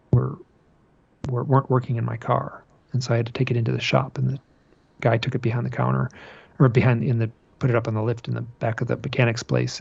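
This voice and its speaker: Gravelly, husky man telling a story. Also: mid-range voice, no room sound, highs cut off. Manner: animated storyteller, repeats phrases, trails off and restarts. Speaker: podcast guest. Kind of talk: recounting a personal experience in an interview.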